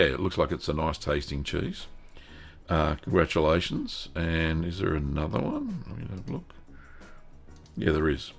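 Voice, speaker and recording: An Australian man hosting a live stream about home cheese-making, chatting in a relaxed way with plenty of ums and quick self-corrections. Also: sits low, gravelly. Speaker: host.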